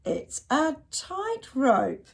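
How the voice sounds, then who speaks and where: A woman's voice: a little high, huge pitch swings, unhurried, creaky, darkish tone, voice pushed up, heavily acted. Woman voicing an eager little squirrel. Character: eager inventive male squirrel.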